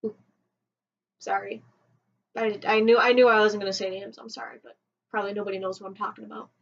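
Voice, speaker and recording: A woman telling a personal story on a vlog, emotional and halting, often restarting her sentences. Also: medium pitch, little pitch movement, creaky. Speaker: vlogger. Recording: dull lo-fi home recording.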